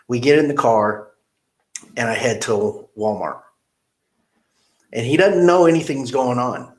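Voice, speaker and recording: Unhurried and mid-pitched, a middle-aged car dealership manager relates a story for an interview. He brings it to life by acting out each quote.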